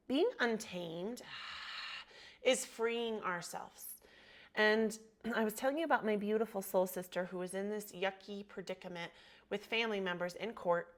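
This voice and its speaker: A woman teaching a yoga class, cueing poses and breath with encouraging, motivational talk and spoken affirmations. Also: mid-range voice. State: slight frog in her throat. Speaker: yoga instructor. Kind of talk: guided yoga class instruction.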